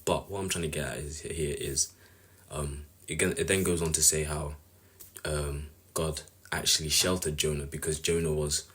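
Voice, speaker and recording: A man's voice: very deep voice, a bit bright, husky. A man giving a casual devotional talk on a Bible passage, earnest and rambling as he thinks aloud. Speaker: Bible reflection speaker.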